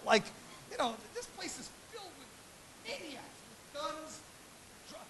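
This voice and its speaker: An older man preaching a sermon as pastor, shouting his points with emphasis and then dropping to quiet storytelling. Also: very high voice, sing-song, measured pace, long pauses, heavy background noise.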